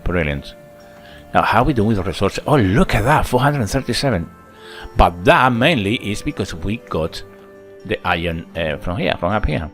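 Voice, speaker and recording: Deep-voiced man chatting over game play. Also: animated, moderate pace, a bit bright, faint music behind. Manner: chatty, thinks aloud, counts workers under his breath. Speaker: gameplay channel host. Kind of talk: casual let's-play commentary.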